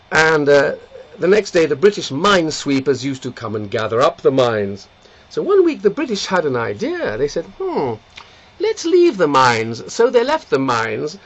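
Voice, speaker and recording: Animated joke-telling man, husky voice. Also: a little high. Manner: animated storyteller, slips into voices and song. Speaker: comedic commentator and singer. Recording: dull lo-fi with faint guitar.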